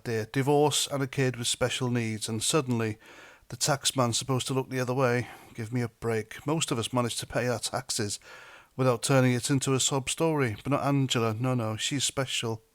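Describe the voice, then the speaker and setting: Man from Britain, political commentator, mocking and sarcastic, mid pitch, dead dry sound. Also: fairly even intonation, moderate pace, no echo.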